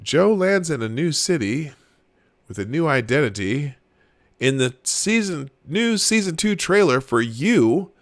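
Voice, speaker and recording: Hosting a laid-back live stream, a man in his forties speaks straight to his chat, rambling, frequently starting over and chuckling at his own jokes. His slightly high voice is very animated at a measured pace, in a dry recording.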